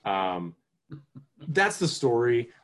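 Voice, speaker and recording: A man co-hosting a podcast, reviewing a film in casual chat, rambling with many fillers and restarts and getting animated. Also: medium pitch, very slow. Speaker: podcast co-host.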